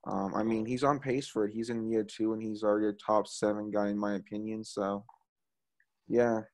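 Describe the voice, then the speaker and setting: A young man co-hosting a casual sports podcast, enthusiastic and quick to laugh. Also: on the low side, level tone, darkish tone. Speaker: podcast co-host.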